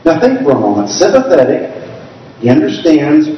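A man preaching a sermon to his congregation, telling stories, reading scripture slowly and asking listeners to raise their hands. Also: on the high side, huge pitch swings, mellow, slight background noise. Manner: slows down to read scripture aloud. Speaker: pastor. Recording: distant, echoey hall, dull sound.

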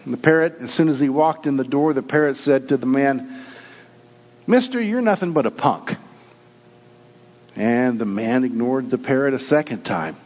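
A man's voice: mid-range voice, fairly even intonation, a little fast. A man preaching a sermon in an earnest storytelling manner, often restarting his phrases. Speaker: pastor. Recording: lo-fi with long hall reverb.

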